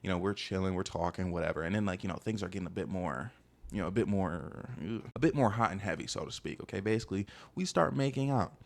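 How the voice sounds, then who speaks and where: A man's voice: sits low, fast, gravelly. A young man casually telling a dating story in a rambling, slangy way, full of fillers.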